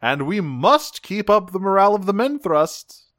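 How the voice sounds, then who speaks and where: A man's voice: high voice, big pitch swings, moderate pace, fairly bright tone, dry recording, clean studio sound, voice pushed up. A man doing a lazy, campy robot warlord. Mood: mocking.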